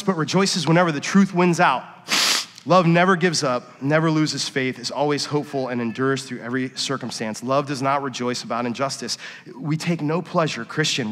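A middle-aged man, a worship pastor, preaching a sermon and telling personal stories, dropping to quiet confession and rising to emphatic points. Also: on the high side. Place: church sanctuary. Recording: long reverb of a church hall.

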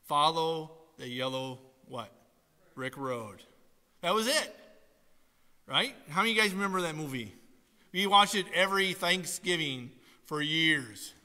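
Man, pastor, lively sermon, bright ringing high voice, long church hall echo. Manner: animated storytelling with sudden loud emphatic exhortations. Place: church sanctuary.

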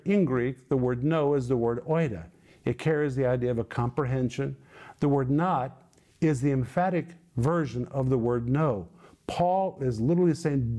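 A middle-aged man teaching the Bible on television, speaking earnestly and building to forceful exhortation. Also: mid-range voice, moderate pace. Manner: emphatic, rising to forceful exhortation.

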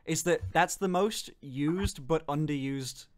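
A young man with a Birmingham accent, hosting a casual stream chat, animated and quick to laugh and swear. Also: fairly high pitch. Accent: Birmingham English. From England. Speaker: streamer host.

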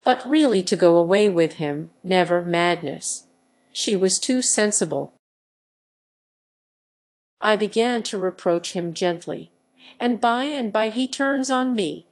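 A woman reading a classic novel aloud as an audiobook narrator, in a measured, steady manner. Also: mid-range voice. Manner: slow, measured reading with quoted voices kept close to her own. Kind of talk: scripted narration.

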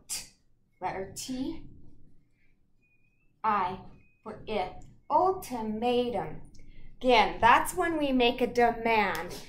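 A woman teacher sounding out words slowly and reading a picture book aloud to children. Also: a little high, echoey room. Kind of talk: storytime lesson and read-aloud.

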